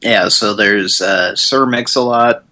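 A man's voice: fairly low pitch, slow, sharp tone, poor audio. A man co-hosting a live show, chatting in an easygoing, conversational way. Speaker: co-host. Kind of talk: casual chat.

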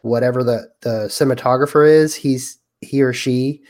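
A man co-hosts a movie podcast in a loose, conversational way, pausing with fillers while he looks over his notes. His voice sits at an ordinary middle pitch. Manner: relaxed, reads from notes with fillers. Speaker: podcast co-host. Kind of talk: casual chat.

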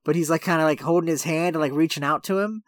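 Animated podcast co-host on a dry mic. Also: medium pitch, fast, no room sound. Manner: animated storytelling, heavy use of "like". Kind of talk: casual chat.

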